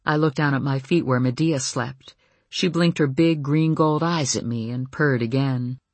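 A woman narrating a first-person audiobook with a wry, lively storytelling manner. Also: rumbling low, measured pace, dry recording.

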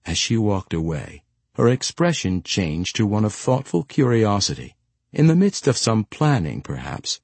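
A man reading fantasy fiction aloud in a measured, expressive storytelling manner. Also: fairly low pitch, slightly rough, dry recording. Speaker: audiobook narrator. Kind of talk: scripted fantasy narration.

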